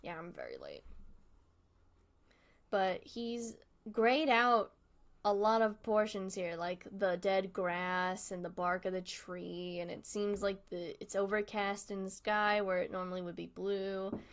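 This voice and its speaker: A young woman hosting a live stream, softly chatting and rambling in casual commentary as she watches a video, with small laughs, close to a desk mic at home. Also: mid-range voice, animated, unhurried. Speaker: livestream host. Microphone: desk microphone close up.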